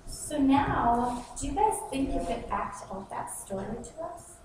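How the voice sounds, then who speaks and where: A woman reading a storybook aloud to children in an expressive, sing-song way. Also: on the high side, a little slow. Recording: echoey, far-off noisy room.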